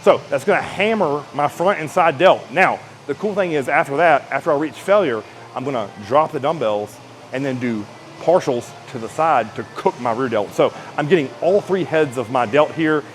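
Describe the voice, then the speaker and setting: A man coaching a shoulder exercise in a casual, energetic way, talking while he lifts and strains through the reps. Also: on the high side, normal speed, faint music behind, low-quality recording. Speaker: fitness coach.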